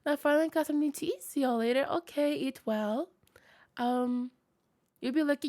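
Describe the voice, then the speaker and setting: Young woman streamer chatting w viewers, scratchy tired voice, kinda high, lots of ums and laughs. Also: moderate pace, mellow. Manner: rambling, laughs often, many fillers. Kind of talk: casual livestream chat with viewers.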